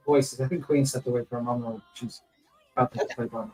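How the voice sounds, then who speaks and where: A man's voice: medium pitch, normal speed, darkish tone, far from the mic, soft background music, rough recording. A man on a livestream panel giving blunt, exasperated commentary. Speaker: panel guest.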